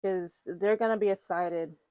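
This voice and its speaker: Woman tarot reader, casual and rambling, on the lower side, dry recording. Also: fairly even intonation, measured pace, mellow, no echo. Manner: chatty, rambling, with fillers and self-corrections. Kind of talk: casual tarot reading to viewers.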